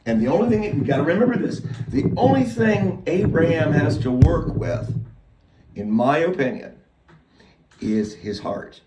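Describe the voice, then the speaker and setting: A man preaching a loose, rambling sermon, moving between quiet, halting prayer and loud, excited retelling. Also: a little high, roomy sound, recorded from a distance, slight background noise, poor audio.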